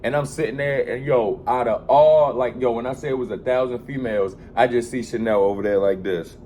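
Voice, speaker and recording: A man telling a story on his vlog in a loose, slangy, animated way, cursing freely. His voice sits at an ordinary middle pitch. A faint hum runs behind him. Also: brisk. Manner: animated, slangy and profane, acts out quoted voices. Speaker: vlogger. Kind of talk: casual storytelling.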